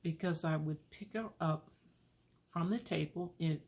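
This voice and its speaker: A woman calmly telling a personal parenting story in a relaxed, unhurried way. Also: deep voice. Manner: slow, calm, gravelly storytelling.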